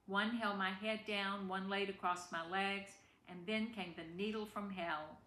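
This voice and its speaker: A woman's voice: mid-range voice, steady tone, unhurried, sharp tone. A woman reading a family memoir aloud in a tender, emotional way. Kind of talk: reading a personal story aloud. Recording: echoey room with faint background noise.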